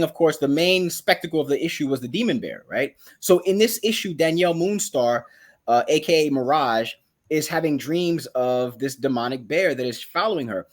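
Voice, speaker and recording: Young guy, kinda high voice, super animated, keeps doing little voices for the characters while recapping comics. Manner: animated, acts out characters' lines mid-story. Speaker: podcast co-host. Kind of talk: casual comic book chat.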